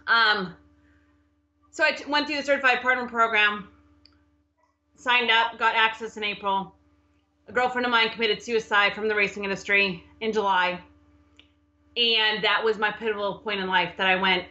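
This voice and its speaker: A middle-aged woman, a podcast guest, telling her story in an animated way, often laughing and acting out quotes. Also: medium pitch, normal speed, lo-fi sound. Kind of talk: casual storytelling interview.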